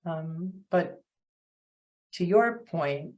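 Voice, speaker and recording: Woman in her 50s, lower pitch, earnest reflective interview guest who hesitates often. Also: lively intonation, extremely slow, darkish tone, highs cut off. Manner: earnest, reflective, many fillers. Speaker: podcast guest, coach. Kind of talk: candid interview storytelling.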